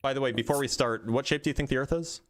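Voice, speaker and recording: A man hosting an online debate, calmly asking short probing questions and repeating them. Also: medium pitch, quick pace. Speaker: debate streamer host.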